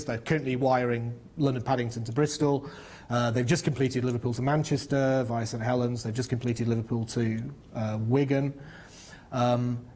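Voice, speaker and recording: A man's voice: medium pitch, darkish tone. Frank, talkative man giving a briefing. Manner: frank and talkative, with frequent fillers. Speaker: head of research presenting a business briefing. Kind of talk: spoken presentation with Q&A answers.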